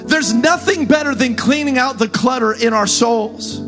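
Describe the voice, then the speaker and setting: A man preaching a sermon as pastor, talking the crowd through points and rising into fervent, shouted calls. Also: very high-pitched, moderate pace, over music.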